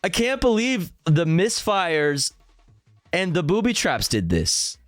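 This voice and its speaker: Streamer, young man, high voice, unhurried delivery, dry close mic, faint music bed; incredulous and laughing. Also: huge pitch swings, no room sound. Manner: laughing, incredulous, swearing, reading out headlines and comments. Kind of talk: live stream commentary.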